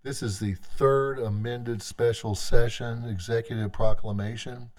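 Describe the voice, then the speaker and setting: A man, a tribal government leader, giving an unscripted address to a legislative session, speaking in a halting, conversational way with frequent restarts. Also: medium pitch, steady tone, a little mellow.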